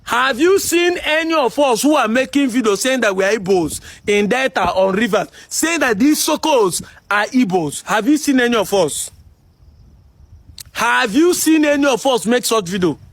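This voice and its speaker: A man with a Nigerian accent delivering a heated commentary monologue, combative and full of rhetorical questions, shouting at times. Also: very high-pitched, lively intonation, moderate pace, dry recording. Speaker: commentary video host.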